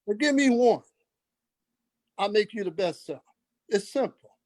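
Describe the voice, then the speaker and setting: A man's voice: high voice, animated, a little slow, a little mellow, no echo. An older man, a podcast guest, telling emphatic stories and acting out the dialogue. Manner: emphatic, acts out quoted dialogue. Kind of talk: storytelling interview.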